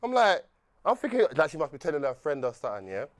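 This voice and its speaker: A man's voice: on the high side, fast talker. Young man telling a story with laughs. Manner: animated, laughs often, many restarts and slang tags. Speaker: podcast host telling a story. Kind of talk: casual storytelling chat.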